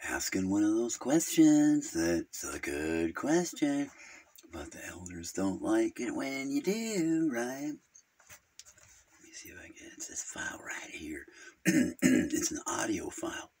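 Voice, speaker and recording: A man's voice: on the low side, very animated, slow, darkish tone, breathy edge, full character voice. A man playing a rambling, gossipy male Jehovah's Witness who halts, hums and giggles at his own crude jokes in an improvised comedy monologue.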